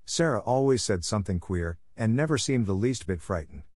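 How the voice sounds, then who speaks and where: In studio-quality audio with no echo, a man reads scripted audiobook narration. His fairly low voice stays steady and measured.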